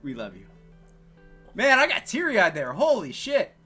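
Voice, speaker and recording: Animated man with a bright voice. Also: sits high, a little slow, breathy edge, faint music behind. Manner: animated, swings from loud to mumbled trailing words; laughs often, swears casually. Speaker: podcast co-host. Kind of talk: casual chat.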